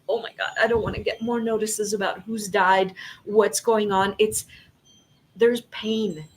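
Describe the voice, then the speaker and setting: A woman's voice: fairly high pitch, a little hiss or hum, low-quality recording. Impassioned woman musing on a livestream. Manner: impassioned, emphatic, swings from loud to hushed. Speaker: livestream host.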